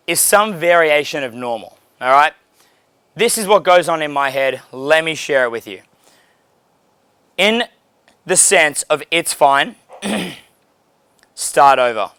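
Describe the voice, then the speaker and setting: A man's voice: on the high side, bright, forceful tone, smooth, dry recording. A man giving casual, blunt, profane coaching on approaching women, laughing now and then. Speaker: dating coach.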